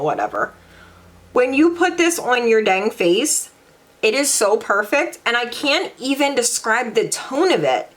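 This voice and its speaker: A woman's voice: on the high side, a bit bright. Gushing young woman reviewing makeup. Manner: gushing, chatty, dramatic sighs and emphasis. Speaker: beauty vlogger. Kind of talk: casual makeup review talk.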